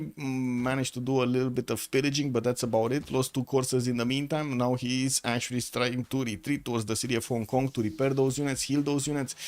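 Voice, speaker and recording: A man's voice: medium pitch, darkish tone. A man casting a strategy game match live, thinking aloud with lots of fillers and self-corrections. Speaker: caster.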